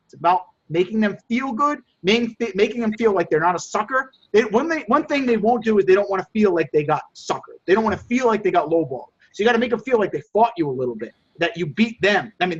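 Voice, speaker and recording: A man's voice: high voice, slightly rough, muffled recording. A man hosting a casual group chat, coaching listeners in an emphatic, repetitive way and acting out sales dialogues. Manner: emphatic, repeats himself, acts out buyer dialogues. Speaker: host coaching phone resellers.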